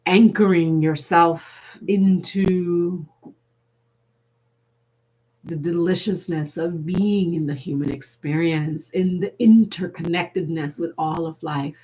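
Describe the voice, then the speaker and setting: A woman facilitating a workshop, leading a gentle, unhurried guided meditation with playful, sassy asides. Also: on the low side.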